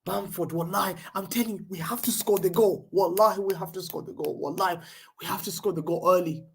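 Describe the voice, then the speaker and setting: A man hosting a live football watchalong, calling the play and chatting, excitable and slangy, repeating himself as the action unfolds. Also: high-pitched, a little fast, gravelly, slightly rough. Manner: excitable, slangy, repeats phrases, jumps between play-by-play and chat. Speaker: fan host of a live match watchalong.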